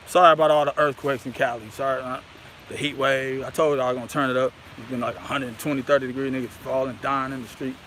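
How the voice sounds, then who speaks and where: A man's voice: medium pitch, steady tone, fast, a bit bright, slight background noise, low-quality recording. A man rambling grandly and profanely into a handheld phone outdoors, peppering his talk with "you know what I mean". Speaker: vlogger.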